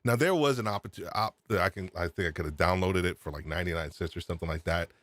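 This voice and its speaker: A man hosting a live podcast chat, excitable and laughing, often repeating himself, speaking into a desk microphone. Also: deep voice, fast, no echo. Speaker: podcast host. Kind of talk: casual live-stream chat. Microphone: USB desk microphone.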